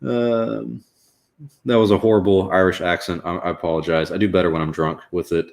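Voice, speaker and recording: A young man talks through a live reaction stream in a loose, rambling way, full of fillers and wry remarks. His voice sits low. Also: flat delivery, fairly quick, vocal fry. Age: young adult. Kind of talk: casual reaction stream commentary.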